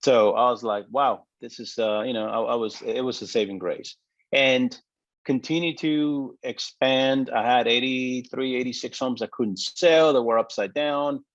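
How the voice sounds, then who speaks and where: A man telling his personal story in an interview, with emotional, halting delivery and many fillers. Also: medium pitch, no echo, highs cut off. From United States. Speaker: interview guest, business owner.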